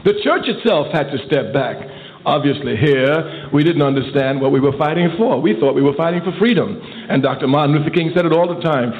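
A man delivers a political speech with emphatic, rhetorical force, building his points through repetition. His voice sits fairly high for a man. The audio is narrow and tinny, like an old phone line. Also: fast talker. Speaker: political speaker. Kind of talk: oratorical speech.

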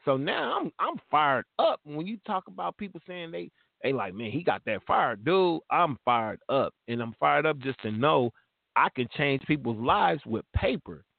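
A man's voice: fairly high pitch, sing-song, moderate pace, creaky, dry recording. A man in his fifties talking in a casual, slangy and emphatic way, fired up as he tells his stories. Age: 50s. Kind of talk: casual podcast chat. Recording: tinny phone-line sound, dry.

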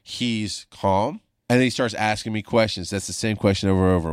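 Middle-aged male paramedic host, low-voiced, swears freely, animated storyteller. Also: moderate pace, dry recording, clean studio sound. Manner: animated, profane, voice jumps high when reenacting panic. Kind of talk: casual storytelling monologue.

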